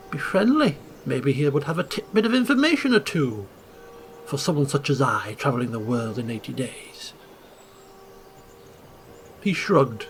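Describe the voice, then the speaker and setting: A man hosting a let's play, reading game text aloud with theatrical, chuckling commentary and hushed asides. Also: fairly high pitch, slight background noise. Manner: theatrical, chuckling, swings between hushed asides and loud exclaims.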